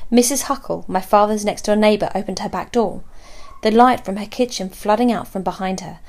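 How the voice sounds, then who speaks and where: Brief: woman narrator, even first-person storytelling, middle pitch. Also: normal speed. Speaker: audiobook narrator.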